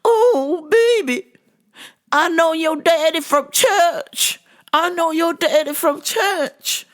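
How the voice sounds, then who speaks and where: A woman putting on a high, sugary voice for a pushy, rude churchgoing woman customer who calls everyone baby, drawing out her demands. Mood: syrupy. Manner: drawn-out, demanding, condescending.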